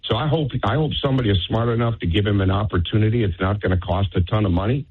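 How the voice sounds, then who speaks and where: A basketball coach calling in as a radio guest, talking emphatically and persuasively. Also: male voice, lowish voice, racing, slightly rough. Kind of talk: phone interview. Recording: phone line.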